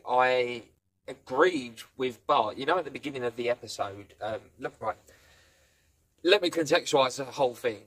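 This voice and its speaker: A man's voice: mid-range voice, fairly bright tone. Guy doing a chatty tv review, rambly, does little voices for quotes. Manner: rambling retelling, playfully acting out quotes. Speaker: film and TV reviewer. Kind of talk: casual spoken review.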